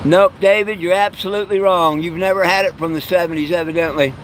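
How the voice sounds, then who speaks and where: A man's voice: high-pitched, steady tone, fast, slight background noise. Combative man answering trolls on a live stream. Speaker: livestream host. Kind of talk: live stream chat, reading comments.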